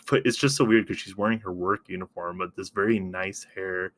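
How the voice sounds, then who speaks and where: A man with a fairly low, bright and forceful voice chats casually on a podcast. He laughs often, swears freely and talks in loose, easygoing runs. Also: fairly even intonation, moderate pace. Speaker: podcast co-host.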